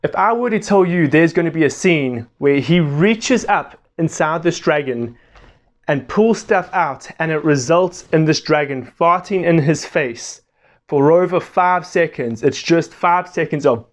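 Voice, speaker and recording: A young man talking through a casual film review, animated and excitable, laughing often. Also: fairly high pitch, unhurried.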